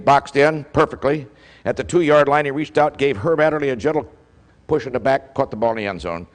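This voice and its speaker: An older man, a former football official, telling an animated story as a speaker, acting out the calls he shouted. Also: medium pitch. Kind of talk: storytelling speech. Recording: long hall reverb.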